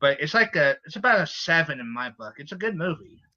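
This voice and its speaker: A man co-hosting a casual live web show, talking in halting bits. His voice is very bright and sharp, a touch higher than most, and it comes through a dull, lo-fi line. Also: big pitch swings. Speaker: co-host.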